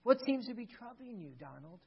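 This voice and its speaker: A gentle, approving mother, voiced by a man. The voice is husky, and the recording is dull and lo-fi. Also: extremely high pitch, sing-song, fairly quick, voice pushed up, exaggerated voice. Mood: kind. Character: kind impressed mother, gently speaking.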